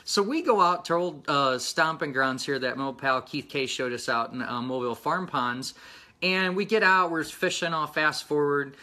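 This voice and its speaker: Earnest, rambling man with a bright voice. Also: fairly high pitch. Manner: earnest, rambling, halting with many fillers. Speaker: motorcycle channel host. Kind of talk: casual personal vlog.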